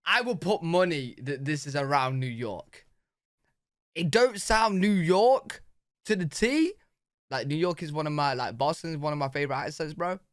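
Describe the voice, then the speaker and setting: A British man hosting a reaction video, talking in a chatty, excitable way with lots of casual slang. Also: on the high side, fairly quick, no echo, clean studio sound. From Britain. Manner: chatty, excitable, says "bro" and "like" a lot.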